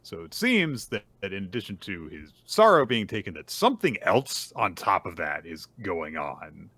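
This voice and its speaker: A man's voice: low-pitched, big pitch swings, normal speed, bright, forceful tone, husky, no room sound. A man co-hosting a podcast, casually retelling a manga chapter in a chatty storytelling way. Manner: chatty storytelling, acts out dialogue. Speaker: podcast co-host.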